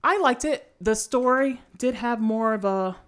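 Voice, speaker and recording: A woman's voice: a little high, unhurried. A woman from Cuba co-hosting a podcast, chatting casually in a rambling way full of "you know". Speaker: podcast co-host. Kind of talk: casual chat.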